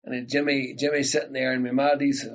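A man with an Ulster Scots accent, chatting and telling lively stories, acting out the voices of family and neighbours. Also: mid-range voice, a little fast. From Northern Ireland. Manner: animated storyteller who acts out family voices. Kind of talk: casual storytelling chat. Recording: dull lo-fi recording.

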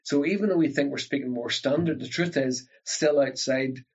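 A man from Northern Ireland with an Ulster Scots accent, a guest telling lively stories about language, often repeating his words. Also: medium pitch, moderate pace, husky, muffled recording. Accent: Northern Irish, Ulster Scots. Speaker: guest, linguist. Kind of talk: storytelling conversation.

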